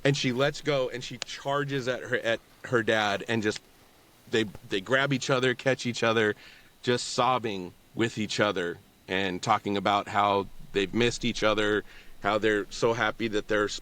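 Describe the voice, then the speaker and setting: A man narrating a tabletop game as game master, in a slow, halting storytelling manner. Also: lowish voice, steady tone, a bit bright.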